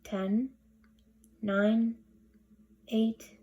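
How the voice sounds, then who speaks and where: A woman voicing a soothing hypnotist who drawls in a low, husky voice. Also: fairly even intonation, normal speed, mellow, highs cut off.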